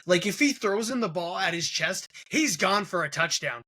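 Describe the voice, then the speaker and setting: Casting: bright-toned New York man, sports podcast host who rants and swears constantly. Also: high-pitched, animated, moderate pace, husky. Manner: profane, ranting. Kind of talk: casual sports podcast chat.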